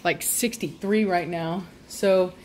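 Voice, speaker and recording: In this laid-back home video update, a dog breeder vlogger sits with her dogs and rambles to her audience, filler words everywhere, her tone hardening when she tells the dogs off. She speaks slowly in a lowish, fairly even voice, with crowd noise behind her.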